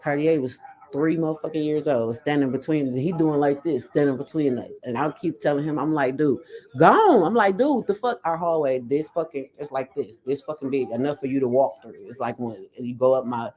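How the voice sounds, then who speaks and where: A woman's voice: extremely low pitch, brisk. A woman in casual conversation, telling her own story bluntly, with heavy swearing and acted-out quotes. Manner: blunt, heavily profane storytelling; animated, acts out quoted lines. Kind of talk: casual chat.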